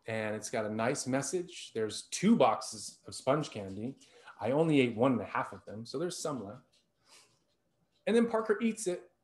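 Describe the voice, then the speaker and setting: A man in his thirties giving a personal sermon in church, telling a story earnestly, with restarts and emphatic rises. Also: fairly high pitch. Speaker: lay preacher. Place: church sanctuary.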